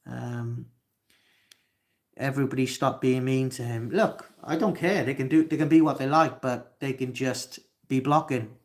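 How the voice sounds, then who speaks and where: A man's voice: medium pitch, measured pace. A Welsh man in his twenties hosting a live stream, reading chat comments aloud and swearing at trolls. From Wales. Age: 20s. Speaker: livestream host.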